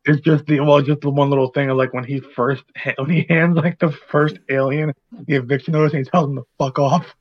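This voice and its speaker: In lo-fi sound, a late-twenties podcast co-host chats loosely in a movie-review conversation, full of fillers and restarts. His voice sits a little high, with fairly even intonation and a slightly fast pace.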